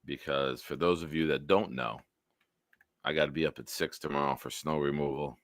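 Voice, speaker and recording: A man's voice: very deep voice, steady tone, moderate pace, no echo, clean studio sound. Blunt man hosting a football live stream. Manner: blunt, profane, opinionated. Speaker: host.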